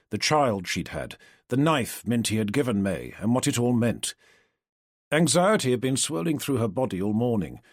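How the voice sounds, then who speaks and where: A man reads an audiobook with expressive, measured storytelling. His voice is husky and a little breathy, and his pitch rises and falls a lot. The recording is dry and close to the mic. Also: no room sound. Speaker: audiobook narrator. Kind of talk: scripted audiobook narration.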